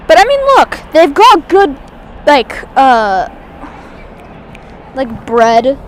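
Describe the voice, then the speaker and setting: High-voiced woman chatting plane-spotting live. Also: sing-song, very slow, long pauses, a little hiss or hum. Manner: chatty, enthusiastic, rambling with restarts. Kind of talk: live aviation commentary. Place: outdoors at an airport.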